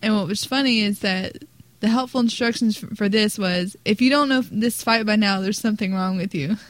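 A woman's voice: mid-range voice, fairly quick, no room sound, low-quality recording. Chatty woman, dry close voice. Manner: chatty, laughs while telling stories. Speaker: podcast co-host. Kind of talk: casual gaming podcast chat.

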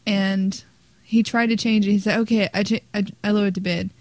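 A chatty woman co-hosting a casual gaming podcast. She talks at a middle pitch and laughs as she tells her stories. The recording is dry and close, with no room sound. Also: little pitch movement, a little fast, a little mellow, no echo, poor audio. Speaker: podcast co-host.

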